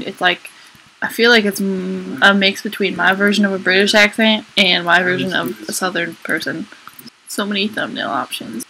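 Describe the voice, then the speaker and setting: A woman's voice: mid-range voice, moderate pace, gravelly, bright, forceful tone, rough recording. A young woman giving silly, playful commentary over her gameplay, with squealing exclamations. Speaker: gaming YouTuber. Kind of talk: let's play commentary.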